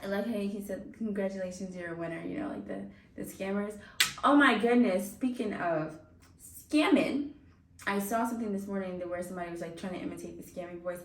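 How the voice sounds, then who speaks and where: In a roomy, distant off-mic recording, a woman chats casually with her viewers while hosting a music reaction video, laughing often. Her mid-range voice moves a little fast.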